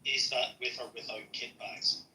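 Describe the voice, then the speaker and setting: A man's voice: mid-range voice, level tone, normal speed, pushed and bright, a little hiss or hum. A man in casual podcast chat, blunt and skeptical, reading passages aloud in an echoey room.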